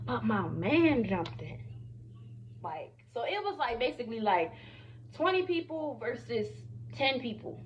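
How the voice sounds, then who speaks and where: A young woman vlogger telling a storytime while doing her makeup, animated and chatty, often saying "y'all" and "you feel me". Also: a little high, dull audio, slight background noise.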